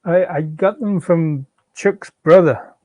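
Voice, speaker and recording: Guy reading a jobless young dad, stammery and pleading, kinda high mellow voice. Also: moderate pace, no echo, muffled recording, lightly acted. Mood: stammering. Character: defensive out-of-work young father, man. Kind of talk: live fiction reading.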